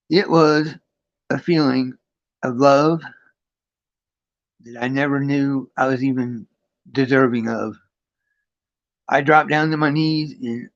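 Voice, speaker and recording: A man tells a personal spiritual experience on his livestream, rambling, restarting sentences and swearing freely. He stops now and then to read and greet his chat. His mid-pitched voice comes through slightly dull, lo-fi stream audio. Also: fairly even intonation, slow, long pauses. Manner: rambling, frequent restarts and profanity; reads and greets chat between story. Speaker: livestream host. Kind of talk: casual storytelling on a livestream. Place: his friend's home.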